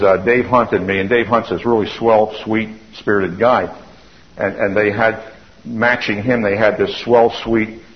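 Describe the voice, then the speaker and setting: In a dull lo-fi recording, a man with a lowish voice gives an anecdotal lecture. He tells stories in a loose, conversational way and often restarts his sentences.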